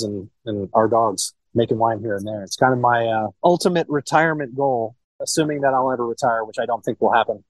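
A man from Ohio, a sommelier, chatting casually in a podcast interview. His voice sits at an ordinary middle pitch, recorded dry and close. He rambles, restarts his sentences and swears freely. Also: dry recording, low-quality recording. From Cincinnati, Ohio, USA. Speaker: sommelier and wine shop owner.

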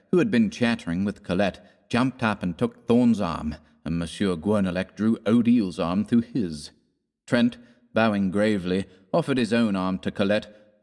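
A man narrating a classic horror story in a measured, dramatic storytelling manner. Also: lowish voice, darkish tone, big-room sound. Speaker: audiobook narrator.

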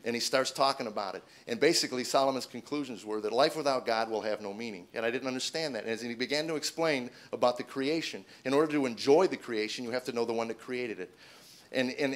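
Brief: middle-aged male stand-up comic, quick delivery, jumps loud and high for acted quotes. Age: 40s. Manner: animated, acts out quotes with big loud jumps in pitch. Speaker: stand-up comedian. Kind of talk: stand-up storytelling testimony. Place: stage before an audience.

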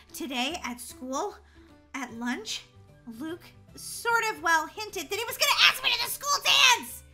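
A nervous teenage girl with a crush, voiced by a woman in a role-play video, stammering and giggling. Her voice is very high and bright, swooping up and down a lot. Faint music plays underneath. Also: animated, takes it slowly, exaggerated voice. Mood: flustered.

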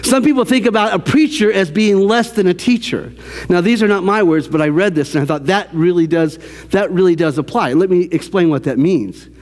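A man preaching a sermon as a church pastor, animated, with repeated phrases and restarts. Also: sits high, brisk, in a large hall. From American South. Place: church sanctuary.

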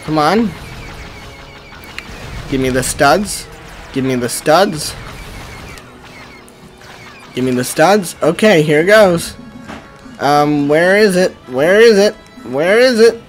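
A male streamer commentating his gameplay, often frustrated and ranting at the game, with sudden bursts of yelling. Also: a little high, animated, slow, long pauses, faint music behind.

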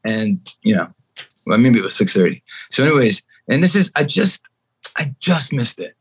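A man from Canada, a guest musician on a podcast, telling a story with animated energy and acting out what other people said. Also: medium pitch, normal speed, slightly rough. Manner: animated, acts out other people's lines in shifting voices. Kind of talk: storytelling anecdote in a podcast chat.

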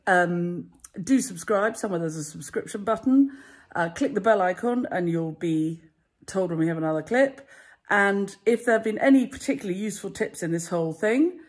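Chatty low-voiced woman florist. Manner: chatty and self-deprecating, with frequent laughs. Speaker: flower farmer and florist. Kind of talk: casual how-to vlog. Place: outdoors in a summer garden.

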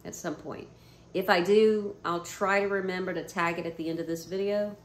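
A woman vlogger telling a story to camera in a casual, animated way, swearing freely and often breaking into laughter. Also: fairly low pitch, normal speed, slight background noise. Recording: roomy echo.

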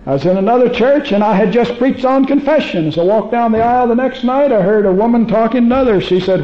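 A man preaching a sermon, telling stories with animated quoted voices, then praying slowly and softly. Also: very high voice. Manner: hushed, slow prayer. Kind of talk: sermon with prayer. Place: church sanctuary. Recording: echoey, dull archive sermon recording.

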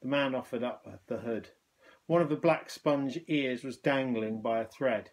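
Man, teacher, reading aloud, children's story, lively, expressive. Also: mid-range voice, a little slow.

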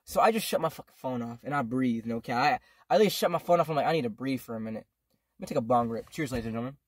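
Young man, fast rambling storyteller, slangy and profane, dry close sound, casual vlog. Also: mid-range voice, expressive, breathy edge, no room sound. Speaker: vlogger.

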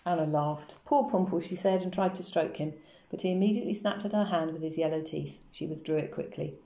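Woman narrator for a children's novel, deep voice, mellow tone, steady measured delivery. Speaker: audiobook reader. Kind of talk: storybook narration.

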